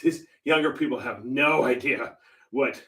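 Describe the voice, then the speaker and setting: A man's voice: medium pitch, a little slow, a bit bright, recorded from a distance. An older man hosting a painting livestream, telling stories in casual chat and laughing often. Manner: chatty storyteller, laughs often. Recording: roomy echo.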